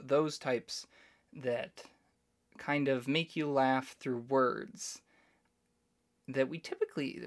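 A man hosting a solo podcast, giving casual, opinionated commentary and explaining his views at length. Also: mid-range voice. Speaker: podcast host.

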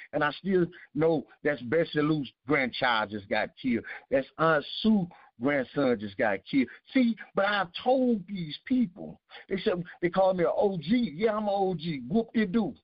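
A man's voice: high voice, no room sound. A man, giving earnest testimony with a preaching cadence, repeating his key phrases. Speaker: guest. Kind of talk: emotional testimony. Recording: dull lo-fi sound.

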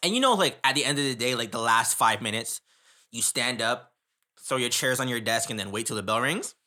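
A man's voice: medium pitch, animated, a little fast, bright, forceful tone. A young man from Canada, telling a story in casual chat, rambling with slang and frequent laughter.

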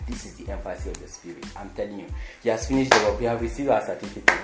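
A man preaching a sermon. He talks emphatically, repeats his points and swings between loud declarations and quiet lines. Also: fairly low pitch, rapid-fire. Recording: echoey room with music behind.

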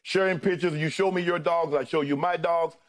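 A middle-aged man gives a heartfelt farewell on the air, naming colleagues one by one and holding back tears. His voice sits a little high for a man, and it stays emotional throughout. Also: fairly even intonation, fairly quick. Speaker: co-host saying farewell.

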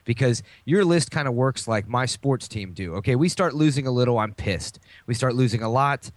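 Animated, profane middle-aged man. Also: mid-range voice, moderate pace, dry recording. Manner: animated, profane, laughing rants. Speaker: podcast co-host. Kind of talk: casual podcast chat.

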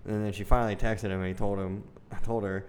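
A man's voice: fairly low pitch, flat delivery, quick pace, darkish tone, a little hiss or hum. A young man casually telling a crude story, peppered with "dude" and "like". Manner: crude, laid-back storytelling with lots of "dude" and "like". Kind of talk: casual chat.

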